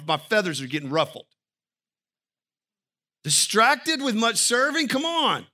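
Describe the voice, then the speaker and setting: Bright-voiced male pastor preaching. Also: a little high. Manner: conversational, asks the congregation questions. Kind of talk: sermon.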